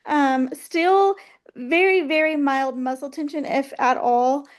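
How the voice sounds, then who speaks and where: A woman's voice: sits high, takes it slowly. A woman sharing a personal testimony as a guest, heartfelt and hesitant, with many ums.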